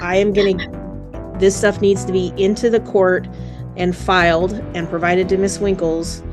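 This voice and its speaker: A woman serving as a judge in a court hearing, talking in a lowish voice. Her manner is firm and stern, scolding without raising much fuss. Music plays underneath. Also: flat delivery, measured pace.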